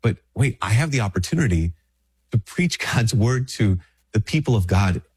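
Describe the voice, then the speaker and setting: A man's voice: fairly low pitch, expressive, moderate pace, a little mellow, slightly rough. A man, a priest, talking in a casual, conversational reflection while sick with a stuffy nose, acting out little dialogues and repeating himself as he goes.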